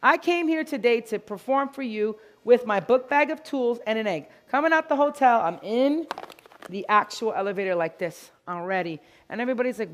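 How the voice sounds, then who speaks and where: Upbeat woman educator, live demo to an audience, lively and on the higher side. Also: fairly quick. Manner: animated, storytelling, acts out quotes. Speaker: grooming educator. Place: event hall with live audience.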